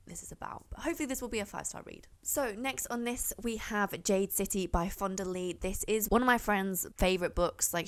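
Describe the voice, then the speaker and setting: A young woman chatting casually to camera as a book reviewer, rambling and often correcting herself. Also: fairly low pitch.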